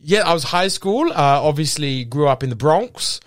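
A man's voice: a little high, lively intonation, moderate pace, no echo, studio quality, close to an everyday voice. A man improvising a pompous, boastful male actor who brags about his career and laughs at himself. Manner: grandiose, boastful, laughs often. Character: pompous self-important male actor Badge Cornerstone. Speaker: comedy podcast host. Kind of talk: improvised comedy role-play.

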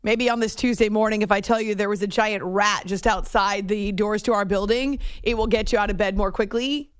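A middle-aged woman hosting a late-night sports radio show, chatty and animated, in a studio. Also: medium pitch, fairly quick, clear, resonant tone, no echo. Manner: chatty, animated storytelling with laughs and restarts. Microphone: studio microphone.

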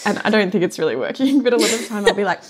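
A young woman hosting a podcast in casual chat, bubbly, laughing often and quick to exclaim. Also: mid-range voice, lively intonation, husky. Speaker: podcast host.

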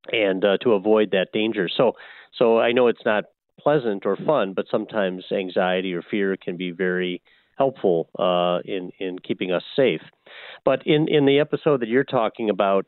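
A priest talking as a guest on a call-in radio show, gentle and reflective, with many pauses and fillers. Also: male voice, lowish voice, no room sound. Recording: tinny phone line, dry.

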